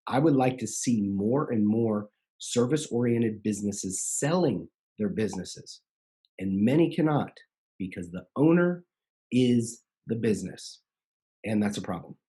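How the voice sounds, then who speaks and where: A man's voice: lowish voice, lively intonation, unhurried, warm tone, breathy edge. A man hosting a podcast, coaching contractors in an earnest, persuasive way and repeating points for emphasis.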